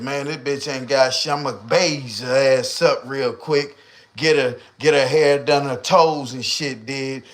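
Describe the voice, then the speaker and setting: Give me a slangy, profane man ranting to his livestream chat, with a fairly high voice. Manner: profane, slangy, animated storyteller who acts out voices. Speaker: livestream host. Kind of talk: casual ranting commentary.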